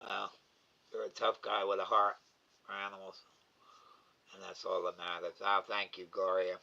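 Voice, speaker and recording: A middle-aged man chatting casually on a live stream, reading and answering viewers, talking slowly and haltingly with repeated words and sometimes getting emotional. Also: sits low, flat delivery, creaky, sharp tone. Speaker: live cam host reading chat. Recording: dull lo-fi stream audio.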